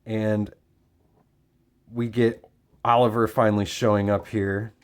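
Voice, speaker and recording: A man casually summarizing and reviewing a comic book issue, talking with frequent fillers and pauses. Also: lowish voice. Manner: relaxed, hesitant with fillers.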